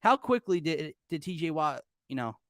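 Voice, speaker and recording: A man hosting a casual sports talk show, excitable and rambling, often cutting himself off mid-thought. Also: fairly high pitch, moderate pace, no echo, clean studio sound. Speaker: podcast host.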